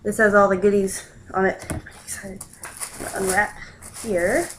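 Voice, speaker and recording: A young woman vlogger chats at a moderate pace with fairly even intonation as she unboxes a package at home, every so often cooing at her cat in a high baby voice. Background noise comes through on her built-in laptop mic.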